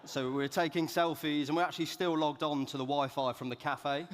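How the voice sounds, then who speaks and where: A man's voice: a little high, fairly even intonation, fairly quick, a little hiss or hum. A young man sharing a self-deprecating, joking story as a keynote speaker. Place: large conference hall. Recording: echoey hall reverb.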